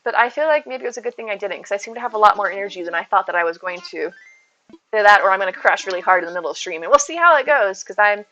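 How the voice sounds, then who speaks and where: A woman's voice: medium pitch, expressive, racing, pushed and bright. A woman live-streaming from home, chatting casually and upbeat with her viewers and thanking them as she plays. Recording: dull lo-fi stream audio.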